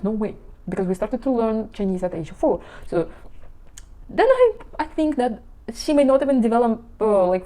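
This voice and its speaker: Mellow-voiced woman explaining language stages. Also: mid-range voice. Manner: explains with examples, non-native English phrasing. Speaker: parenting language educator. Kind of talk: casual informational talk.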